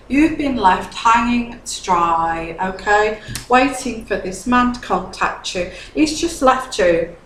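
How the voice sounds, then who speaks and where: A woman's voice: medium pitch, animated, takes it slowly, fairly bright tone. Chatty woman tarot reader, echoey room. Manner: chatty, repeats phrases, frequent "okay?". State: a little tipsy. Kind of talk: casual tarot reading. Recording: echoey room with faint background hum.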